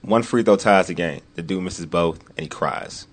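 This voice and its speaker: A man hosting a casual sports talk show, animated, repeating himself and dropping into low muttered asides. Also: moderate pace.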